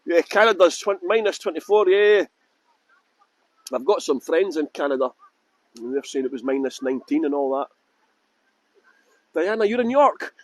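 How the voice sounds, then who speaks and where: A Scottish man guides a live walking tour outside by a fountain in a windy city square, chatting casually and cracking flippant jokes. His voice is fairly high with lively intonation, normal speed, long pauses, and no room sound.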